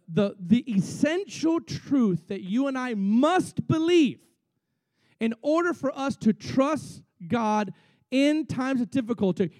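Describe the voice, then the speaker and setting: A man preaching a sermon as pastor, animated, acting out quotes with big swings between loud and soft. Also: very high voice, no room sound.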